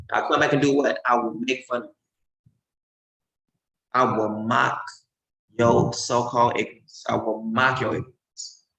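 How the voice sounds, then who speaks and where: Male preacher, mid-pitched, emphatic and mocking, recorded in an echoey room. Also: pushed and bright. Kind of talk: animated sermon-style commentary. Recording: roomy echo.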